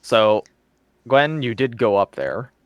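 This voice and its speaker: A man running a tabletop game as game master, narrating in a relaxed, casual way. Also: medium pitch, takes it slowly, clean tone, dry recording, highs cut off. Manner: relaxed, casual, swears offhand.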